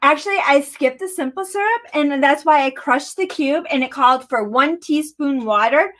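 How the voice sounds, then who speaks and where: A bubbly woman chats casually as she mixes a drink on a live stream. Her voice sits high and light. She giggles often and keeps the talk easy. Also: moderate pace, a bit bright. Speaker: co-host making cocktails.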